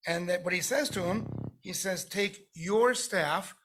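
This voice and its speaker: A man taking part in a text-study class over a video call, making his points deliberately and reading translations slowly and emphatically. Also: sits high, a bit bright, husky. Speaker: class participant.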